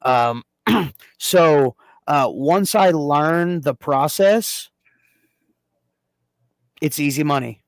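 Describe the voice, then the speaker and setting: Halting man hosting a podcast, dry sound. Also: a little high, gravelly, no room sound. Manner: rambling, halting, lots of uh and restarts. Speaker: podcast host. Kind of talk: casual chat.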